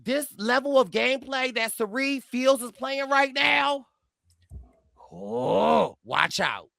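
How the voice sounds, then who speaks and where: Lively, gravelly man telling a story. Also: extremely high pitch, slow pace, no room sound, clean studio sound. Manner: dramatic, animated storyteller. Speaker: podcast co-host. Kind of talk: casual recap chat.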